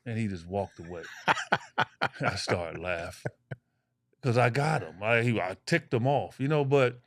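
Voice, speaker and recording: A man in his sixties from Chicago, a former pro basketball player, co-hosting a casual podcast and telling animated stories full of slang and trash talk. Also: medium pitch, a little slow, dry recording, clean studio sound.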